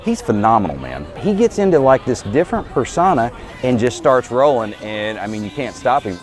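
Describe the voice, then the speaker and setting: A man's voice: medium pitch, big pitch swings, a little fast, faint music behind, a faint crowd. A man, an event organizer, giving a casual interview in a rambling way and restarting his sentences.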